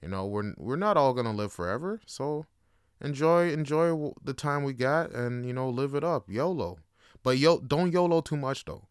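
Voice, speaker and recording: A man's voice: medium pitch, lively intonation, normal speed, clean tone, dry recording, clean studio sound. A young man talking in a laid-back, slangy way in a casual solo podcast monologue, swearing and using many fillers. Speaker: podcast host.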